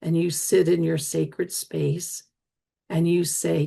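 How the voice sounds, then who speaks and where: A middle-aged woman talks slowly and earnestly, circling back and repeating herself as she tells a reflective story. Her voice sits low and has a gravelly edge. It is also a little husky. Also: flat delivery. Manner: slow, earnest, with frequent restarts and soft repetitions. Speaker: podcast host and speaker on energy medicine.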